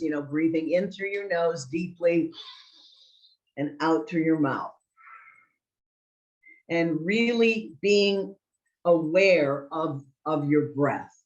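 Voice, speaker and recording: A woman's voice: sits low, dull audio. A woman social worker giving a reflective, conversational webinar talk over a video call. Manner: reflective, conversational, with personal anecdotes. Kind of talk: presentation to an online audience.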